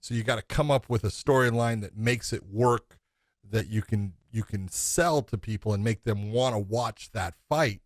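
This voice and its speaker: A man's voice: fairly low pitch, moderate pace, no room sound, clean studio sound. A man co-hosting a podcast, talking casually and at length about fights, with frequent "you know" fillers. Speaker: podcast co-host. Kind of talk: casual MMA chat.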